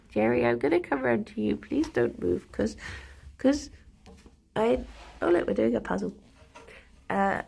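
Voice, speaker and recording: Slow-talking, gravelly streamer woman chatting. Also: on the high side, lively intonation, a little mellow. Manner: rambling, chatty, with lots of fillers. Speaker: live streamer. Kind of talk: casual chat on a live stream.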